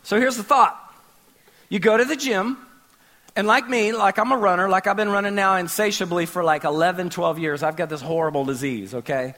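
Animated, bright-voiced male preacher. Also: sits high, a little fast. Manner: animated storytelling, acts out scenes and sound effects. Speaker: pastor. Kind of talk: sermon.

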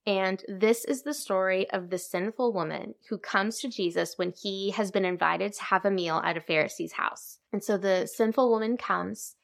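Woman, devotional podcast host, gentle earnest delivery, gravelly low edge, mid pitch. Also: normal speed, few pauses. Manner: gentle, earnest, reads scripture aloud. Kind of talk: reflective devotional talk.

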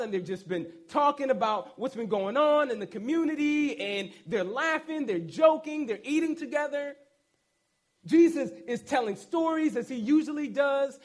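Male preacher, high voice, casual animated sermon with humorous asides. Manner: animated, joking asides, storytelling.

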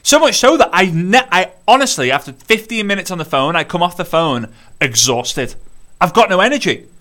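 Bright, energetic motivational male speaker. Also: high-pitched, normal speed. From United Kingdom. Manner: energetic, repetitive, rallying, direct address to listeners. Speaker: network marketing business coach. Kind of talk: motivational monologue.

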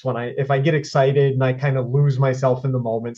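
A man's voice: medium pitch, steady tone, brisk, few pauses, dark tone. Podcast host man on dull audio. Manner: conversational, self-reflective. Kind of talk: casual podcast chat.

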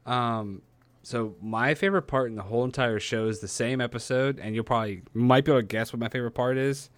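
A man co-hosting a podcast in casual chat, animated, swearing and laughing hard as he retells scenes. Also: medium pitch, a little fast, dry recording. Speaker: podcast co-host.

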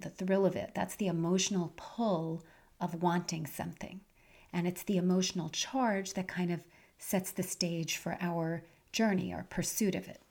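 A middle-aged woman hosting a podcast, earnest and motivational, her voice hoarse and nasal from a head cold. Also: fairly low pitch, darkish tone. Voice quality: raspy. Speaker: podcast host and life coach. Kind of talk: podcast monologue.

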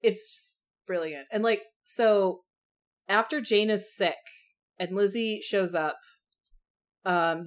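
A young woman chatting casually about film adaptations, talkative, full of fillers and casual swearing. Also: mid-range voice.

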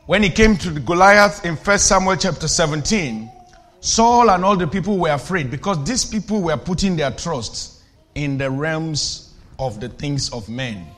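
A man preaches with a high, bright voice. His delivery is fervent and forceful, with questions thrown at the audience that build to shouted declarations. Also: animated, a little slow. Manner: teasing, asks the audience questions. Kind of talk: sermon.

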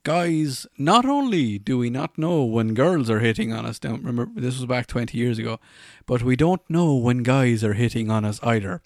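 A man's voice: mid-range voice, animated, normal speed, darkish tone, no room sound, studio quality. An Irish man in his forties, a podcast host rambling through funny anecdotes and laughing at his own stories. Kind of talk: casual anecdotal storytelling.

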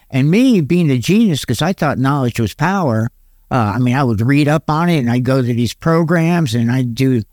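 Here a middle-aged man, appearing as a guest, recounts his recovery with folksy self-mockery, frequently chuckling at himself and quoting sayings in a lowered voice. The voice is slightly mellow, and the clean studio capture has no room sound.

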